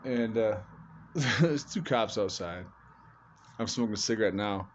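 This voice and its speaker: A man's voice: on the low side, a little slow. A man telling a rambling comic true story in casual talk, cursing and laughing as he goes. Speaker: storyteller doing comedy shorts. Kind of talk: casual spoken anecdote. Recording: dull lo-fi with faint room noise.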